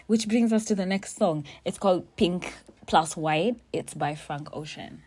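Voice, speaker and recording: A woman's voice: on the low side, a little slow, hardly any pauses, breathy edge. Profane young woman telling stories. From Kenya. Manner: blunt, profane, animated storytelling. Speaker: vlogger. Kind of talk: casual storytelling monologue.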